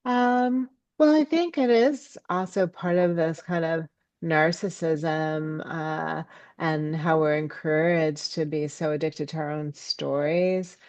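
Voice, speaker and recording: A woman guest on a podcast interview, speaking thoughtfully and haltingly with many ums, livening up when she voices her own inner thoughts. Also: low voice, fairly even intonation, a little mellow, no echo. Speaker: guest, ecopsychology scholar and author. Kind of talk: reflective podcast interview talk.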